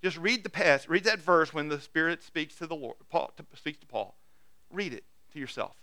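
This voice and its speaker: A man preaching a sermon as pastor, earnestly urging his congregation, swinging from loud exhortation to quiet, intimate asides with frequent restarts. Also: a little high, moderate pace, dry recording.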